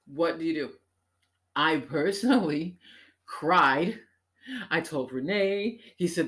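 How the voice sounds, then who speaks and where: A woman speaks in a personal monologue as a show host. She is animated and emphatic, and her voice jumps from low, quiet asides up to loud exclamations. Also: takes it slowly, long pauses. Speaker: podcast host.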